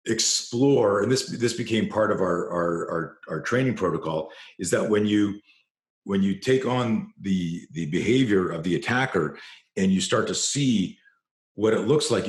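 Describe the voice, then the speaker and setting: Deep-voiced self-defense trainer telling a story. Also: male voice, normal speed, roomy sound. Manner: animated storyteller, rising in pitch and force when excited. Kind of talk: storytelling in an interview.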